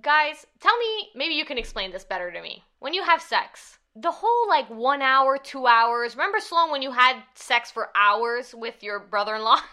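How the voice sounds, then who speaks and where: A woman's voice: high-pitched, big pitch swings, normal speed, few pauses, pushed and bright. A woman with a Canadian accent co-hosting a podcast, giggling often and swearing freely. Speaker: podcast co-host. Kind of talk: casual chat.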